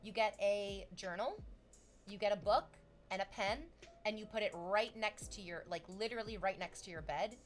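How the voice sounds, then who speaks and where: A young woman streamer chatting casually with viewers, animated and swearing freely, her voice leaping up in excited bursts. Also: medium pitch, moderate pace, faint music behind.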